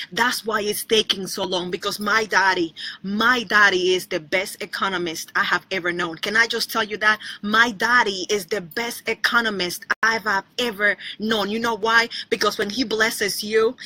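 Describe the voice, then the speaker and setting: A woman's voice: mid-range voice, pushed and bright, no room sound, rough recording. A woman preaching a sermon in an emphatic way, repeating lines, asking rhetorical questions and breaking into sung snippets.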